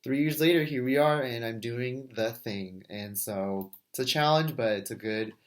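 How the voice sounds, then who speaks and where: A man's voice: mid-range voice, normal speed. A man in his twenties, a first grade teacher, talking through a class reflection in a casual, thinking-aloud way with fillers and restarts. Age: 20s. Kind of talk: recorded class discussion reflection.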